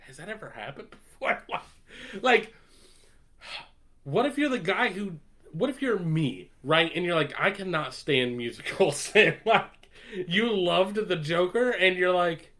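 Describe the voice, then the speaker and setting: A man with a slightly high voice chatting casually on a podcast. He talks in an animated way, swears freely and laughs often. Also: slow. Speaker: podcast co-host. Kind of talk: casual chat.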